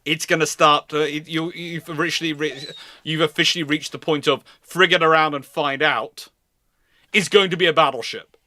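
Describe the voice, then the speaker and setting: A man hosting a live naval history stream, explaining things in a playful, animated storytelling way. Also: a little high, brisk. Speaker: naval historian and channel host. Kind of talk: live-stream lecture chat.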